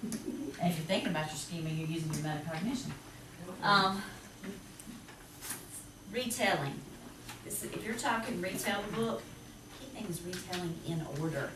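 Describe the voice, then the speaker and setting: A woman teacher with a Southern US accent, talking to parents about reading in a chatty, lively way. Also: fairly low pitch. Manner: chatty, lively, quick to laugh. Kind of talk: presentation to parents. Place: school classroom. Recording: roomy, distant, noisy classroom recording.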